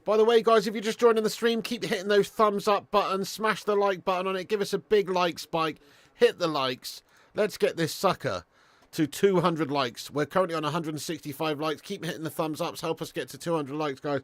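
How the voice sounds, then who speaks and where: A man's voice: sits high, brisk, few pauses, dry recording. A man, hosting a football watch-along live stream. He is sweary and full of banter, and he talks straight to his viewers. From Birmingham area, England.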